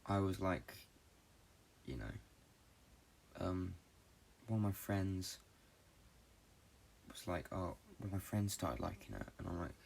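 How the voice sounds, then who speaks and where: A young man from Britain hosting a solo podcast, talking in a halting, low-key, confessional way and swearing often. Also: expressive, vocal fry, a little mellow, a little hiss or hum. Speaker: podcast host. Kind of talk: rambling solo podcast monologue.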